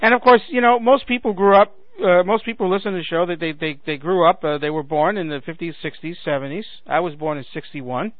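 A man in his forties hosts a political talk radio monologue, ranting sarcastically and addressing listeners as "ladies and gentlemen" in a fairly high voice, fairly quick with few pauses. He's losing his voice and keeps clearing his throat, and the recording is dry and phone-like.

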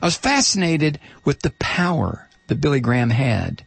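Gravelly, rambling middle-aged man. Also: on the high side, very animated, moderate pace, no echo. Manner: rambling and blunt, full of uh's and restarts. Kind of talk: casual opinion monologue.

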